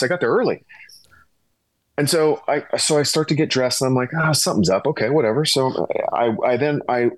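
A middle-aged man, a former pro ballplayer, telling a long anecdote as a guest, animated and rambling with restarts. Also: on the low side, dry recording, rough recording.

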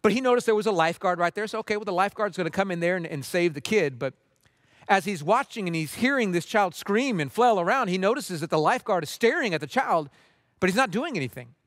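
A man preaching a sermon as pastor, impassioned and earnest, moving between urgent pleading and hushed intimacy. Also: high voice, animated, quick pace, no room sound, clean studio sound.

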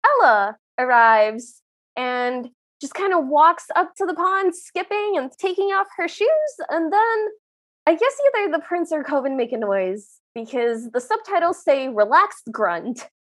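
A high-pitched woman with a very lively, swooping voice recaps a film for her podcast co-host. She narrates scene by scene in relaxed chat and slips into the characters' lines as she goes. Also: unhurried. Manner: animated storytelling, acts out the characters' lines. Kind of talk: casual movie recap chat.

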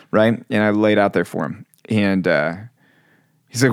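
A man hosting a casual faith podcast, telling a story with lively acted-out quotes. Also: on the low side, normal speed, clear, resonant tone, no room sound, clean studio sound. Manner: animated storyteller, acts out quotes. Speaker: podcast host.

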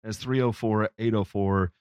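A man's voice: fairly low pitch, moderate pace, heavy background noise. A man from Tennessee, hosting a live call-in show and joking with callers. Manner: joking, playful, animated. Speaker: fill-in host.

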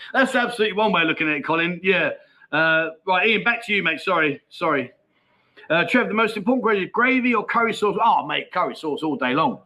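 A man's voice: high-pitched, expressive, brisk, pushed and bright, poor audio. A middle-aged man hosting a casual livestream, chatting and reading out viewer comments in a matey, laughing way. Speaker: livestream host. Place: Pattaya, outdoors.

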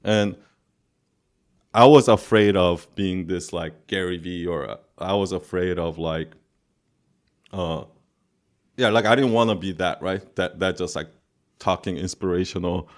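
A man with a somewhat low, calm voice talks on a podcast in a loose, rambling way. His speech is full of filler words, and listeners find the sound of him soothing. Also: unhurried, pauses often. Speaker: podcast co-host. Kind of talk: casual chat.

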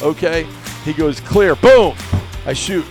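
A man's voice: a little high, takes it slowly, faint music behind. A man hosting a casual hunting podcast, telling stories with lots of acted-out dialogue, fillers and restarts. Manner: animated storyteller, acts out dialogue, many fillers and restarts. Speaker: podcast host.

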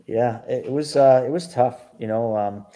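A middle-aged man, a podcast guest, telling his story of becoming a financial educator in a lively, animated way. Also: medium pitch, normal speed. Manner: lively, acts out his own past reactions.

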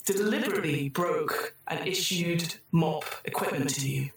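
A woman voicing a cheerful, bureaucratic surveillance computer that makes slow, officious announcements. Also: deep voice, recorded from a distance, slight background noise. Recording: echoey room.

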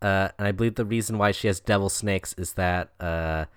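A man's voice: low-pitched, normal speed, clear, resonant tone, no echo. A man co-hosting a casual podcast, summarizing a movie's plot with dry, wry asides. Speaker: podcast co-host. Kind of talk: casual movie recap chat.

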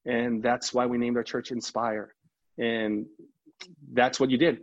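A man's voice: mid-range voice, a little slow. A middle-aged man, a pastor, telling a story in a podcast interview and acting out the voices of the people in it. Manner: animated storyteller who acts out quoted dialogue. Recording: slightly muffled lo-fi recording.

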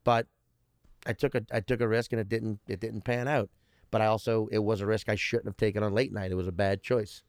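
A fairly low-voiced man in his thirties tells stories as a stand-up comedian guest, rambling and restarting his sentences and swearing freely. His voice sounds dry and close to the mic, with almost no room sound around it. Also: level tone, a little fast, smooth, no room sound. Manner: profane, rambling, restarts often. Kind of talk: casual podcast storytelling.

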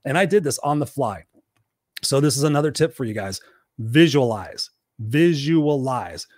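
Fast-talking male life coach. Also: medium pitch, no room sound, studio quality. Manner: animated retelling with repeated quotes, casual swearing. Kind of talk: motivational storytelling.

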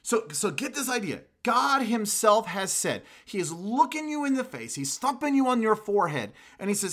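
A man preaching a sermon, telling stories in an animated way and driving points home with emphatic repetition. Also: high-pitched, fairly quick. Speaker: pastor.

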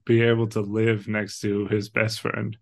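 Male co-host, low register, heartfelt and casual film talk. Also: completely flat delivery, unhurried, creaky. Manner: earnest and emotional, swears casually. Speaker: podcast co-host.

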